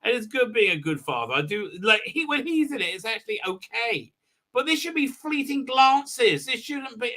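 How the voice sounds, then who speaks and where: A man's voice: extremely high pitch, very animated, normal speed, pushed and bright. A man hosting a live stream, recapping an episode in a rambling, stammering rant with mock voices for the characters. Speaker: show host.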